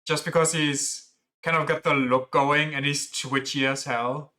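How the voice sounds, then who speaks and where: Unhurried and fairly even in intonation, a medium-pitched voice with a pushed, bright quality narrates a story-game playthrough. The streamer jokes about the characters and reads their lines aloud in a plain way.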